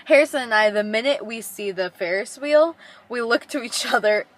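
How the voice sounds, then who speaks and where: A woman's voice: fairly high pitch, moderate pace. A teenage girl chatting casually in her own vlog, giggly and dramatic, filmed on a handheld phone. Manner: giggly, dramatic, talks in bursts. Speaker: vlogger.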